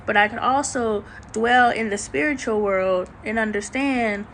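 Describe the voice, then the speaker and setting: A woman's voice: fairly high pitch, unhurried, a bit bright, slight background noise, low-quality recording. A woman hosting a casual livestream chat, talking in a slangy, emphatic way with preachy asides and greeting viewers. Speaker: livestream host.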